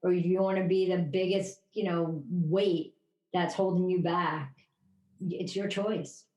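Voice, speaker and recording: A woman's voice: on the low side, fairly even intonation, measured pace, darkish tone. A woman co-hosting a podcast in casual chat, telling stories in a rambling way with many restarts. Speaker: podcast co-host. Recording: roomy echo.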